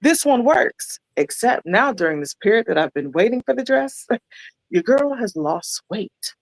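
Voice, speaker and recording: A woman's voice: mid-range voice, lively intonation, moderate pace, no echo, low-quality recording. A woman guest on a casual chat show, telling a story in a chatty way and addressing the listeners directly. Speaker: guest, maid of honor.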